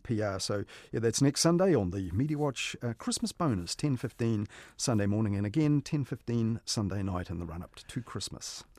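A man's voice: on the low side, no room sound. Wry New man on radio. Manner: wry, amused, trailing off softly. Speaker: media commentator. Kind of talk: casual radio chat.

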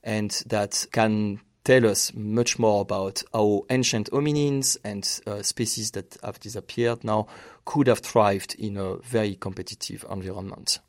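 A man's voice: fairly low pitch, steady tone, a little slow, no room sound, clean studio sound. A male researcher giving explanatory interview answers in an earnest way, often restarting and searching for phrasing. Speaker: researcher guest.

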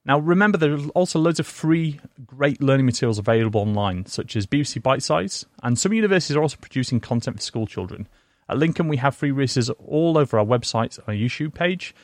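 A man's voice: medium pitch, animated, fast talker, darkish tone, dry recording, clean studio sound. A man from a university giving upbeat advice in a scripted explainer.

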